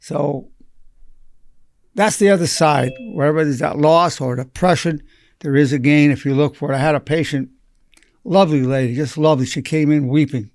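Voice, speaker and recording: A man's voice: a little high, moderate pace, a little mellow, no echo. A man in his eighties, a psychologist giving a recorded lesson through patient stories, talking earnestly and repeating key phrases for emphasis. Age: 80s.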